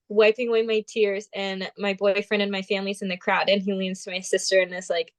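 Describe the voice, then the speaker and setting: A young woman from Vermont talks as a guest in a casual interview. She tells stories with animation and acts out what people said. Her pitch sits in the middle range for a woman. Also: a little fast, few pauses. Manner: animated storyteller, acts out quotes. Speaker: guest, pageant titleholder.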